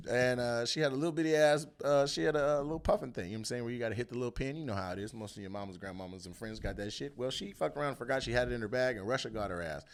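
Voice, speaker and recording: Seorang pria sebagai komedian pembawa acara yang mengomentari berita dengan kasar, penuh umpatan, dan meledak-ledak dengan suara tiruan. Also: male voice, mid-range voice, rapid-fire, few pauses. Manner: animated, profane, jumps into loud bits and mock voices. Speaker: comedian host. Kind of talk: comedic rant on the news.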